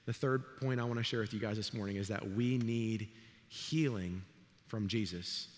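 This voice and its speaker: This middle-aged man, a pastor, has a lowish voice and speaks at normal speed, the big-room sound of the church sanctuary around him. He preaches with lively stories, acting out voices as he goes.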